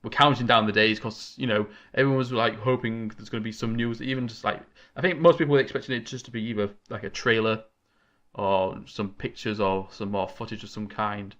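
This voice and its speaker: A man with a fairly low voice hosts a casual gaming podcast from his desk microphone. He talks in an excitable, chatty way and rambles from one thought to the next. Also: fairly quick, highs cut off. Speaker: podcast host.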